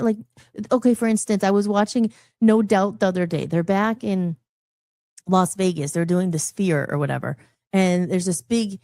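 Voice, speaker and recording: A woman's voice: medium pitch, no room sound, studio quality. A woman musician talking candidly and passionately, rambling and breaking off her sentences as she goes. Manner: rambling, passionate, self-interrupting. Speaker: musician on a radio show. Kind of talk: candid emotional talk.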